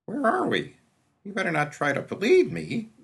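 A man's voice: sits high, huge pitch swings, moderate pace, fairly bright tone, breathy edge, voice pushed up, heavily acted. A man doing a desperate teenage boy on the run. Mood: desperate defiant. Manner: tense, snarling, whiny.

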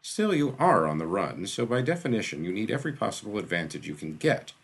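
A man's voice: lowish voice, big pitch swings, fairly quick, slightly rough, exaggerated voice. A man voicing a dry, pompous physician who speaks in a precise, wordy, drawling way. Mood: dry, unruffled. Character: dry, pompous middle-aged male physician.

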